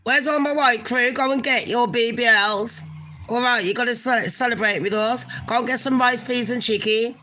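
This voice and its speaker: A woman's voice: on the high side, normal speed, pushed and bright, slight background noise, poor audio. A woman hosting a casual gossip live stream, chatting with viewers and swearing now and then. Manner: chatty, swears, talks to viewers as honey pot. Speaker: gossip channel host.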